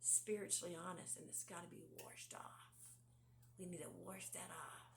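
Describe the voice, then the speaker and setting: A woman giving a conversational devotional talk. She asks the listener many rhetorical questions, sometimes sinks to a hush, and reads scripture slowly. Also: on the low side, fairly even intonation, creaky, a little hiss or hum. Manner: drops to a hushed, near-whispered delivery at times. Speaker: devotional speaker.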